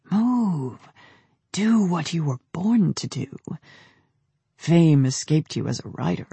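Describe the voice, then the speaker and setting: A man's voice: fairly high pitch, vocal fry, warm tone, breathy edge, no echo, full character voice. A man voicing a seductive male voice that whispers inside a woman's head, urging her on.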